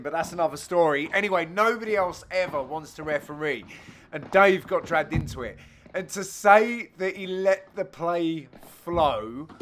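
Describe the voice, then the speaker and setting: A middle-aged man giving a cheeky, joking voice-over on his own amateur padel match, with sudden loud exclamations. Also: high-pitched, a little hiss or hum. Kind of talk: jokey voice-over commentary on match highlights.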